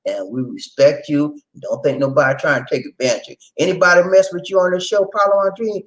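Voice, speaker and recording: A fast-talking channel host from Charleston, South Carolina, with a Gullah Geechee accent and a fairly high voice, runs a casual live stream. Animated and laughing, he reads viewer comments aloud.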